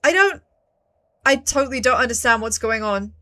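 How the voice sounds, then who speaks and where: High, bright-voiced woman streaming a game. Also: expressive, normal speed. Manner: jumpy, talks to herself and her viewers, swears when startled. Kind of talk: live game commentary.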